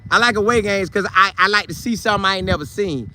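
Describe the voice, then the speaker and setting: Bright, high-voiced stream host. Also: male voice, fast talker. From Polk County, Florida. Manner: loose, slangy, talks back to chat by name. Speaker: sports livestream host. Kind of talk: casual live chat, reading viewer comments.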